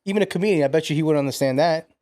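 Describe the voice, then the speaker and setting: A man's voice: a little high, very fast, a little mellow. A man from the United States co-hosting a casual podcast, talking conversationally and asking the guest questions. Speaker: podcast co-host.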